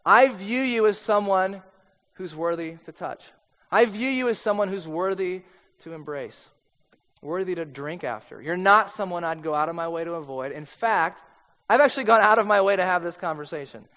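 A man voicing Jesus as a calm, earnest teacher who speaks with gentle assurance. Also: high-pitched, normal speed. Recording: long hall reverb.

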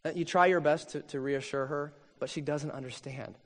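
Earnest preacher in a reverberant hall. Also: male voice, on the high side, fairly even intonation. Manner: earnest, measured, reads quotes slowly. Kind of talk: sermon.

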